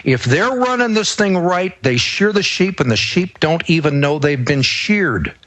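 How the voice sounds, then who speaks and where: Measured, higher-voiced male radio guest. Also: very animated, a bit bright. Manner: measured, explanatory, argues step by step. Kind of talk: political talk show discussion.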